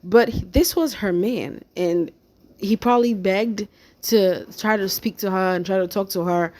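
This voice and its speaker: A woman's voice: medium pitch, a little slow, darkish tone. A woman giving chatty, opinionated reaction commentary and talking straight to her viewers. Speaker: commentary YouTuber.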